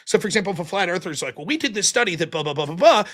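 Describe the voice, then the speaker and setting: Guy hosting a call-in stream, high bright voice, jumps around a lot when he talks. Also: very fast. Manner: animated, acts out quotes in voices. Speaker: call-in show host. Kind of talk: casual live-stream call-in talk.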